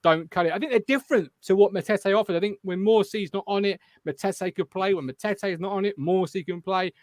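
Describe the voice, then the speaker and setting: A man's voice: sits high, a little fast, no echo. A man with an English accent hosting a football fan show, chatting casually and reading out viewer comments. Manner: banter, reads viewer comments aloud.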